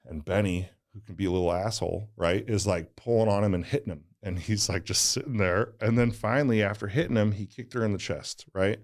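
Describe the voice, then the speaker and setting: Here a man with a lowish voice talks fairly quickly, barely pausing at all. He's a donut shop owner from around St. Louis, appearing on a laid-back interview podcast and rambling earnestly through personal anecdotes, peppered with "like" and "right?".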